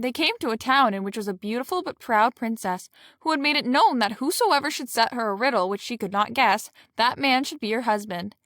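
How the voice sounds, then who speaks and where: Lady reading an old fairy tale, kinda high voice, super dry close sound. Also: dry recording. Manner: steady, plain storybook reading. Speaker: storyteller.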